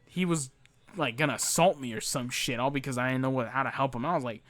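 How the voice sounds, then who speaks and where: A man's voice: mid-range voice, fast talker, fairly bright tone, dry recording. A young man ranting casually about his old retail job, swearing often and restarting his sentences. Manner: profane, ranting, frequent fillers and restarts. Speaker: former retail worker telling stories. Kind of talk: casual storytelling rant.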